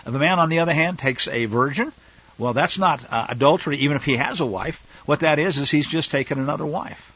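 A man teaching a Torah study in an explanatory way, halting often with fillers. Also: a little high, a bit bright, slightly rough, no room sound, highs cut off. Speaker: Bible teacher.

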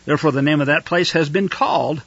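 A man preaching a sermon, reading scripture and rising into fiery, shouted outbursts. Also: a little high, fast talker, husky, no room sound, highs cut off.

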